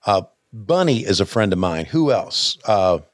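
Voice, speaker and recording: Speaking in a fairly low, very animated voice, an older podcast host chats casually about old wrestling footage. The recording is dry with clean studio sound, and his delivery is halting and stammering, broken up by frequent chuckles.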